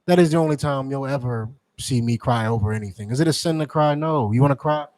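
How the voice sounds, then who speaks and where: A man delivering a forceful sermon to his members, repeating points and asking rhetorical questions. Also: medium pitch, quick pace, no echo, rough recording. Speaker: teacher addressing members. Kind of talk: street-preacher style sermon.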